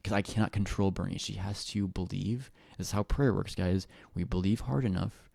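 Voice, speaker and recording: A man with a very low, gravelly voice rambles to his audience in a personal monologue. He jumps between thoughts, restarts sentences and swears freely. The sound is dark and dry, close to the mic. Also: fairly even intonation, moderate pace, dry recording. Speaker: vlogger.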